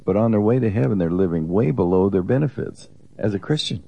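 A man with a very low, dark and mellow voice, co-hosting a Christian teaching talk. He speaks earnestly and exhortingly. He often stops and restarts his sentences. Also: expressive, a little fast, creaky, lo-fi sound. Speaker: co-host of a Christian teaching program. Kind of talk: conversational Bible teaching.

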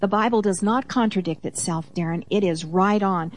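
A woman of middle pitch co-hosting a Christian teaching talk. She reads Bible verses aloud with firm emphasis, then explains them in a conversational tone. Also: normal speed. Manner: reads scripture aloud with emphasis, affirming interjections. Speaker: co-host of a Christian teaching program.

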